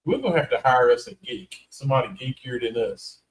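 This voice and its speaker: A man's voice: medium pitch, animated, a little fast, poor audio. Rambling man hosting a livestream. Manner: rambling, easygoing, folksy. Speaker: host. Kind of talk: casual livestream chat.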